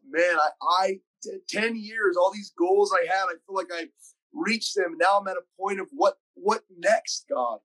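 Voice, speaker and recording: A high-voiced man hosts the conversation and tells his story openly. His delivery is earnest and emotional, speeding up in eager bursts. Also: a bit bright, rough recording. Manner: earnest, emotional, quick bursts when recounting. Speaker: podcast host and school preacher.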